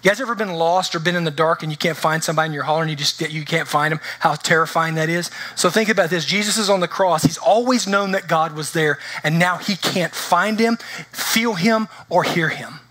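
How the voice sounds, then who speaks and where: Male pastor, sermon delivery, fairly high and bright, casual and engaging with the congregation. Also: fairly quick. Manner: conversational preaching, checks in with the congregation. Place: church.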